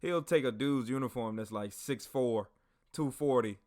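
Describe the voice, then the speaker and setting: A man hosting a podcast, telling a story in a casual, animated, slangy and profane way. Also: medium pitch, moderate pace. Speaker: podcast host.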